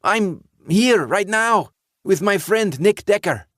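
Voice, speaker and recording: A man voicing an earnest, insistent teenage boy, raising his voice high and urgent. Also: expressive, slow, a bit bright, dry recording, clean studio sound, exaggerated voice. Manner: raised, high, urgent delivery.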